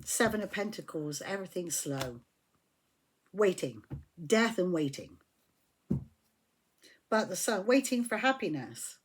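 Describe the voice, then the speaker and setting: A woman's voice: lowish voice, sing-song, a little slow, pauses often, husky. A woman giving a casual tarot reading, blunt and emphatic, swearing when riled. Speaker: tarot reader.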